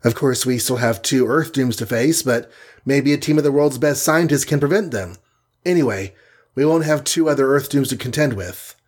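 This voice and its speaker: A man puts on a hot-headed young male archer from a storybook, excitable and quick to blow up. The voice is pushed well above his own, with a husky edge. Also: medium pitch, pitched above the performer's own voice, natural voice. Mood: excited. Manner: excitable, shouting.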